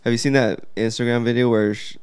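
A man's voice: medium pitch, fairly even intonation, fast, smooth. A young man in casual chat, rambling with many fillers and swearing.

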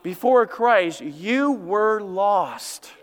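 A middle-aged man preaching a storytelling sermon as lead pastor in a church, animated and poking fun at himself. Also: high-pitched, extremely slow. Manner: animated, self-mocking humor. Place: church sanctuary. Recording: long hall reverb.

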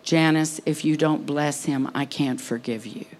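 A woman voicing the Lord as a calm, stern, fatherly male voice, speaking low and firm. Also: measured pace.

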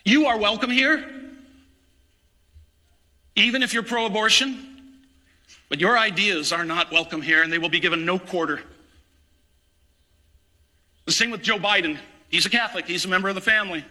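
A man's voice: sits high, moderate pace, long pauses, bright, forceful tone. A man, a parish priest, preaching an impassioned, indignant sermon in a church.

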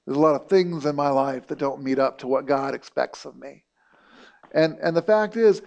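A man's voice: a little high, darkish tone. A middle-aged man preaching a sermon in a loose, conversational way, full of fillers and restarts. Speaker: pastor.

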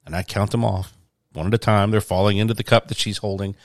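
A man, co-hosting a casual chat and telling stories in a relaxed way. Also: on the low side, fast talker, no room sound, studio quality. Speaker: co-host.

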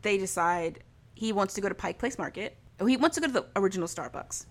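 A woman's voice: medium pitch, lively intonation, fast. A young woman in casual chat, retelling a story in a chatty, filler-heavy way and acting out the lines of the people in it. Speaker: podcast co-host recapping a story.

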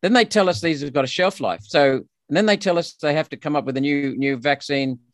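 A man's voice: a little high, a little fast, dry recording. Emphatic Australian man, indignant. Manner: emphatic, indignant, frequent restarts. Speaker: politician guest. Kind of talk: podcast interview.

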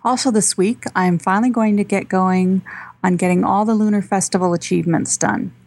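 Podcast lady reading out a fan email, kinda gravelly, even and steady. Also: medium pitch, fairly quick. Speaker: podcast co-host. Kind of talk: reading a listener email aloud.

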